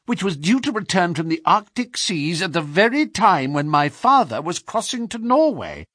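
Nervous young suspect, husky, wide pitch swings; male audiobook narrator doing the voice. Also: fairly bright tone, no echo, clean studio sound, full character voice. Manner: hesitant, pleading confession. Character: frightened young man caught as a suspect. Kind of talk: audiobook character voice.

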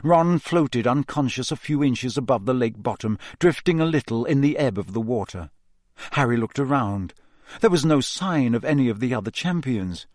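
Man narrating a novel, measured. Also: mid-range voice, no room sound, studio quality. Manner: measured, expressive reading. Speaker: audiobook narrator.

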